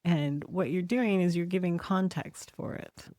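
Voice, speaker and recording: A woman's voice: lowish voice, unhurried, warm tone, no room sound, studio quality. A woman co-hosting a casual podcast, asking probing questions and explaining her ideas thoughtfully. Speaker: podcast co-host and coach.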